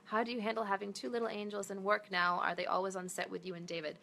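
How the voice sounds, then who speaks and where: A woman's voice: mid-range voice, little pitch movement, fast, creaky, bright, forceful tone. A woman in her thirties, an actress, chatting casually in a live stream, reading fan comments aloud and switching between English and Portuguese.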